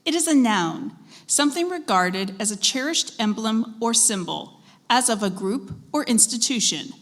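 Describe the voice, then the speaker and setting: A woman with a slightly raised pitch announces contestants and words at a school spelling bee. She reads each definition slowly and deliberately, in a formal competition style. Her prompts to the young spellers stay patient and courteous. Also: lively intonation. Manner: measured, deliberate reading of words and dictionary definitions. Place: school event hall.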